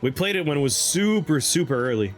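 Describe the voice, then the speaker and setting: A man chats playfully while playing a video game, joking and poking fun at the characters. His voice sits slightly high and swings widely in pitch. Faint music plays behind him. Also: big pitch swings, fast. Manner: playful, jokey, breaks into silly voices. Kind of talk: casual let's-play commentary.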